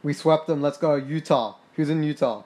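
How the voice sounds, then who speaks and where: Young man, game commentary, excitable, swears a lot, slightly high voice, reads numbers aloud. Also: normal speed. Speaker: gaming podcaster.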